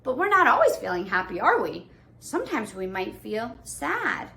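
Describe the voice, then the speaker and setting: A woman teaching an online preschool class, talking to small children in a bright sing-song voice. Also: a little high, huge pitch swings, normal speed, vocal fry.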